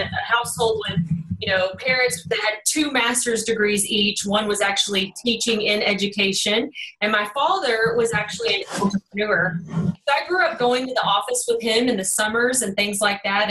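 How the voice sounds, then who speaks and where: Chatty Texas woman, bright voice. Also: a little high, reverberant, distant mic, rough recording. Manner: chatty, with fillers and a Texas twang. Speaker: guest. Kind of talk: podcast interview.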